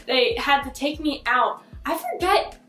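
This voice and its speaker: A young woman vlogger telling a childhood story in a casual, animated way, laughing often and full of fillers. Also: high voice, a little slow. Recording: echoey room with faint music.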